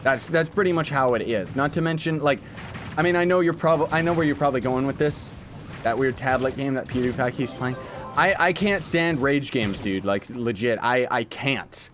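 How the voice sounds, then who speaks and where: A man's voice: medium pitch, normal speed, music in the background. A man streaming gameplay live, joking at his own expense and reacting aloud to chat messages. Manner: jokey, self-mocking, reacts aloud to chat. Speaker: gaming streamer.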